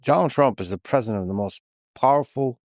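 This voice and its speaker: A man hosting a podcast interview, asking his questions in a measured, earnest way. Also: medium pitch, a little mellow, no echo, clean studio sound. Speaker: podcast host.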